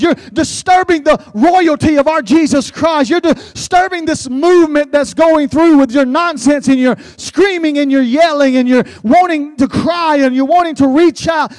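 A man preaching a sermon, building to impassioned shouted pleas with a repetitive cadence. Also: very high-pitched, dry recording.

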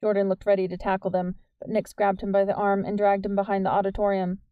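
A woman narrating a young adult novel as an audiobook in a steady, measured way. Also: medium pitch, smooth, dry recording, muffled recording. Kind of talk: scripted narration.

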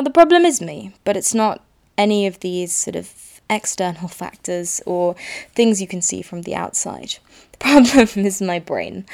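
A woman's voice: mid-range voice, creaky, darkish tone. A woman in her twenties hosting a solo podcast, talking candidly in a rambling, self-deprecating way. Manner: rambling and self-deprecating, free-flowing with frequent laughs. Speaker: podcast host.

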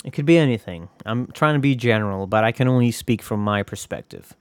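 A man's voice: medium pitch, lively intonation, fairly quick, smooth, dry recording. A man hosting a casual solo podcast, rambling and profane, joking at his own expense. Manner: rambling, profane, self-deprecating. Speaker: podcast host.

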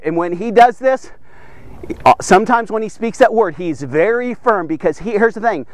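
Male devotional preacher, very high voice, fervent and emphatic, dry close sound. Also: dry recording. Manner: fervent, repeats phrases, addresses listeners as guys. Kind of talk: energetic devotional sermon.

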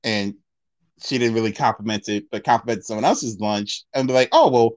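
A man's voice: lowish voice, steady tone, a little fast. A man co-hosting a casual podcast, telling a story with lots of restarts and fillers. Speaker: podcast co-host. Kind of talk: casual chat.

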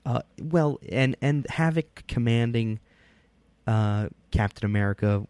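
A man's voice: medium pitch, a little slow, darkish tone, clear, resonant tone, no echo. A man in casual podcast chat, reviewing a comic book in a rambling way, with many fillers and easy laughter. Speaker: podcast co-host.

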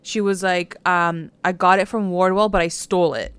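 A woman co-hosting a casual TV recap chat, full of "like" and quick reactions. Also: fairly low pitch, fairly even intonation, fairly bright tone, clean tone, no room sound. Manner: chatty, "like" fillers, quick reactions.

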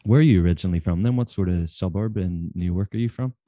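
A Northern Irish man hosting a casual interview, chatty and quick to laugh. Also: deep voice, dark tone, dry recording, studio quality. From Northern Ireland. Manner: chatty, laughs easily, many fillers. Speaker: podcast host.

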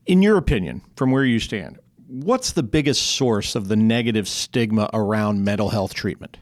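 A man's voice: on the low side, animated, normal speed. A man interviewing a guest, often repeating words and restarting his sentences as he asks. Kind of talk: interview questions.

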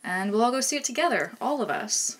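A woman co-hosting a film podcast, chatty and enthusiastic, often trailing into softer asides. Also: fairly high pitch, lively intonation, fairly quick. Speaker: podcast co-host. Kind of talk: casual chat.

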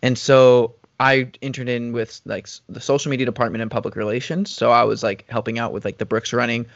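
A man's voice: medium pitch, brisk, no room sound. A young man, a professional runner, chatting casually and rambling with lots of fillers. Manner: relaxed, rambling, many fillers. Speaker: professional runner, podcast co-host. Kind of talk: casual chat. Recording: dull lo-fi audio.

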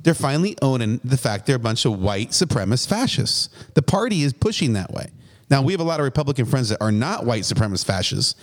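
A man's voice: medium pitch, sing-song, fast talker. A man co-hosting a casual political chat, blunt and swearing freely. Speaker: podcast co-host.

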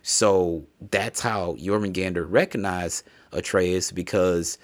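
A man's voice: deep voice, steady tone, slow pace. A man giving a casual, rambling game review, emotional and full of swearing. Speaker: gamer reviewing a video game. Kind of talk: casual solo review talk.

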